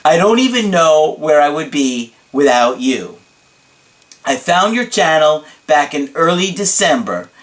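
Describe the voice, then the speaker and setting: A man voicing an excitable young male client who reads out his thanks in a dramatic, drawn-out way. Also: on the high side. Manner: drawn-out, emphatic delivery.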